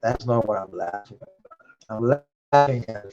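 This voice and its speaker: A man's voice: on the low side, moderate pace, darkish tone, soft background music. A man rambling through a profane personal monologue, swearing often and laughing between thoughts. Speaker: vlogger. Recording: dull lo-fi recording.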